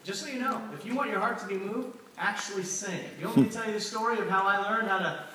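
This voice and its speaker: A middle-aged male preacher with a high voice, talking through his sermon in a loose, chatty way and checking in with the listeners as he goes. He sounds far from the microphone in a very echoey church hall, with the congregation audible around him. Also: quick pace, a crowd in the background. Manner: conversational, asks the room for responses.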